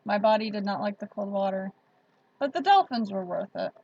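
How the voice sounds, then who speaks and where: A woman's voice: mid-range voice, lively intonation, brisk, darkish tone, dry recording, dull audio. A woman hosting a casual livestream, chatting with viewers and laughing often. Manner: chatty, laughs often, reads out chat comments. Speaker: livestream host.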